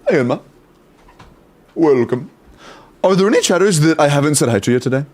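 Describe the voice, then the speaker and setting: A young man streaming live, casually chatting and greeting viewers in quick succession, swearing now and then. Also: on the high side, animated, a little mellow. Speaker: streamer reviewing game accounts.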